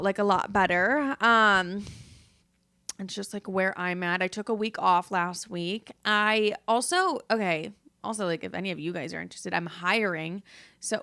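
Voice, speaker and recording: A woman's voice: mid-range voice, bright, forceful tone. A young woman hosting a podcast in casual, rambling confessional chat, teary after crying, swearing freely. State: teary, just been crying. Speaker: podcast host.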